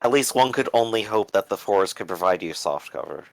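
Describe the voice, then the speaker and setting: Low voiced guy calmly planning his turn in a tabletop game, dry sound. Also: no echo, poor audio. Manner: measured, deliberate in-character planning. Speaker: player. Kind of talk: tabletop game play over voice chat.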